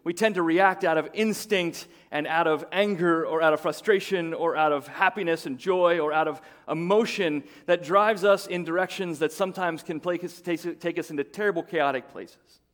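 A middle-aged man preaching a sermon as pastor, in a conversational way that often repeats words and builds into excited bursts. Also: fairly high pitch, moderate pace, few pauses.

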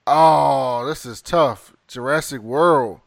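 A man's voice: mid-range voice, vocal fry, no room sound. Man listing movies in a dry close sound. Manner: reads out a list, adds quick opinions, swears casually. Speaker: podcast co-host. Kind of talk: casual movie review chat.

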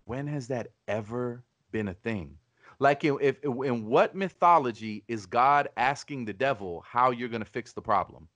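A man's voice: medium pitch, normal speed, a bit bright, no echo. A man hosting a podcast, arguing his point in an emphatic, profane, combative way. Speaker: podcast host. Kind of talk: casual podcast debate.

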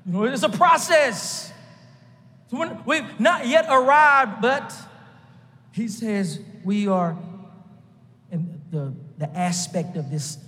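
A man from Texas, preaching a lively sermon from the pulpit with jokes and rising shouts. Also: high-pitched, takes it slowly, pauses often, long reverb tail. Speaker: pastor.

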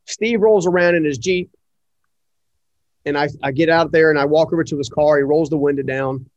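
A middle-aged man, an entrepreneur, telling a personal story in an interview, animated and full of fillers as he acts out the dialogue. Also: fairly high pitch, normal speed, no room sound. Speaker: entrepreneur guest. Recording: dry, slightly muffled audio.

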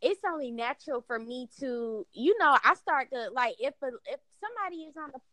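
A woman in casual group chat as a podcast co-host, talking in an animated, emphatic way with many fillers. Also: high-pitched, brisk, dry recording, low-quality recording.

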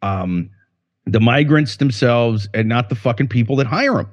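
A man co-hosting a casual comedy podcast, profane and animated, riffing with mocking put-on voices. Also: medium pitch, normal speed, lo-fi sound. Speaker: podcast co-host.

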